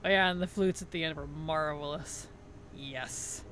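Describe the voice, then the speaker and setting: A woman's voice: sits low, measured pace, fairly bright tone, a little hiss or hum. A woman streamer in casual livestream chat, thanking subscribers, answering chat and giggling often.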